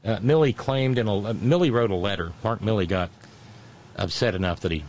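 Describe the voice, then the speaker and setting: A man's voice: lowish voice, brisk, darkish tone, rough recording. A man giving a casual political commentary monologue, mocking and sarcastic, often breaking off and restarting.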